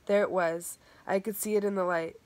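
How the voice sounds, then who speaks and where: A woman narrating a first-person story aloud in a steady reading voice, sometimes restarting a word. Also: medium pitch, normal speed. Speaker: audiobook reader.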